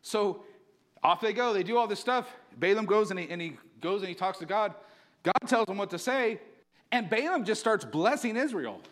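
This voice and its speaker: A man's voice: sits high, lively intonation, moderate pace, fairly bright tone. A male pastor preaching a sermon, telling the story casually and with energy, filling it with likes.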